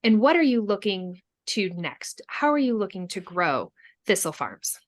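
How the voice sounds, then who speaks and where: A woman moderating a live interview over a video call, asking measured, layered questions. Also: mid-range voice, big pitch swings, no echo, clean studio sound.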